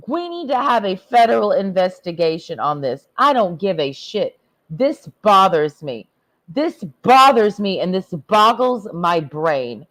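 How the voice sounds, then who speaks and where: A woman's voice: medium pitch, big pitch swings, slow pace, a bit bright. A woman livestreaming a blunt, crude, rambling rant while tipsy from drinking. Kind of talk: profane ranting livestream monologue.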